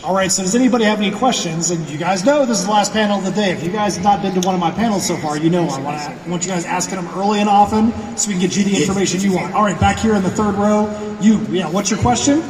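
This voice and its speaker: Man, panel moderator, quick and high-voiced, set back from the mic, hall echo. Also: slight background noise. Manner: brisk, upbeat, calls on the audience. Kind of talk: hosting a Q&A. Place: convention hall. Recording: echoey hall, distant mic.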